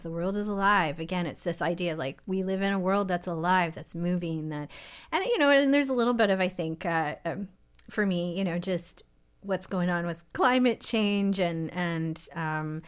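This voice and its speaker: A woman's voice: on the low side, clean tone. A woman composer in a casual live-streamed chat, reflectively talking through how she wrote a song. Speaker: composer and co-artistic director. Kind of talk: casual conversation about songwriting.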